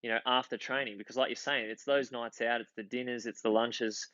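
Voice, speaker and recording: A man's voice: mid-range voice, steady tone, brisk, fairly bright tone, no room sound, highs cut off. A man in his thirties with an Australian accent, a podcast guest chatting casually and telling rambling anecdotes full of restarts. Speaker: podcast guest, former footballer. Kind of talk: casual chat, storytelling.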